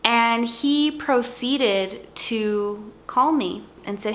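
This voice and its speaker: A woman's voice: on the high side, drawn-out words, few pauses, fairly bright tone, slight background noise. Woman, young adult, personal vlog testimony, earnest, emphatic repetition. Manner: earnest, emphatic, repeats words for weight. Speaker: vlogger.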